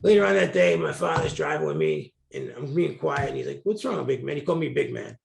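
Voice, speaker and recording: A man's voice: medium pitch, sing-song, fast talker, gravelly, faint music behind. A middle-aged man from New Jersey, a guest telling candid, colorful stories in an interview. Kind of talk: storytelling interview. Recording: roomy echo.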